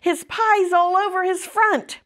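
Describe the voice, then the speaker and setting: A woman voicing an excitable young farm girl in a shrill, excited way. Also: a little slow.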